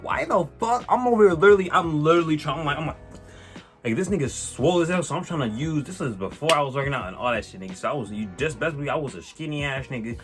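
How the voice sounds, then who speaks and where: A man telling a personal story on his vlog in a casual, animated way, swearing and using lots of slang, with many restarts. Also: mid-range voice, fast. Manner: animated, profane, slang-heavy, rambling with restarts. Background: faint music.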